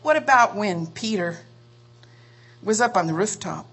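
A woman's voice: medium pitch, animated, a little slow, a bit bright, a little hiss or hum. A woman preaching a sermon, asking rhetorical questions and drawing out key phrases for emphasis.

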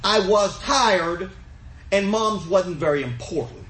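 An older man preaching, his voice unusually high and bright. He tells homespun stories and then presses his points with fervor. The sound is echoey, as in a church room. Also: takes it slowly. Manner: folksy storytelling, rising to fervent emphasis. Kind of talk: sermon.

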